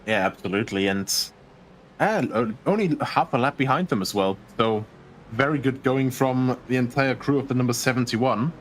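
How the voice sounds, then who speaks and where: A man's voice: medium pitch, normal speed, a little hiss or hum, rough recording. A man co-commentating a live charity race in a joking, easygoing way.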